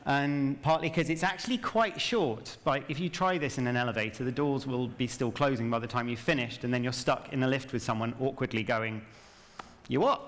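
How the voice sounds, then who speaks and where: A man's voice: medium pitch, brisk, few pauses, a bit bright. Chatty self-mocking man speaking in a hall. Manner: chatty, self-deprecating, wry asides. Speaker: game narrative director giving a talk. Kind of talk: conference talk without notes. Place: large event hall. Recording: long hall reverb.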